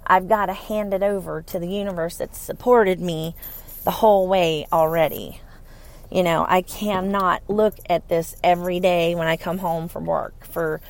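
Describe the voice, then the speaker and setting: A woman in her thirties hosting her own podcast, rambling casually and laughing easily. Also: lowish voice. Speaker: podcast host. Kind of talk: casual solo podcast chat.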